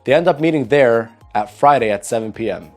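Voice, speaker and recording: A man's voice: mid-range voice, animated, brisk, a little mellow, faint music behind. A man, a dating coach, narrating a story and acting out the lines of the people in it. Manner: acts out quoted lines in dialogue. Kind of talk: storytelling monologue.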